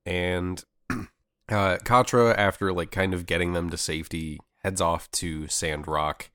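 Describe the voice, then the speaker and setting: Brief: young man, very low voice, dry close sound, laid-back anime recap host. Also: measured pace, smooth, dry recording. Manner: relaxed, rambling recap with fillers and restarts. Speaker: podcast co-host. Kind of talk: casual anime recap chat.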